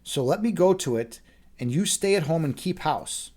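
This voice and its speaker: A man's voice: a little high, lively intonation, normal speed, darkish tone. A man reading as a sly, scheming storybook cat. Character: scheming male cat, smooth and defensive.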